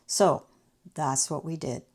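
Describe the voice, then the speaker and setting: Low creaky woman telling stories. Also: steady tone, takes it slowly, a little mellow. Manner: chatty, anecdotal, acts out quoted people. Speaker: channel host. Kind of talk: casual personal storytelling.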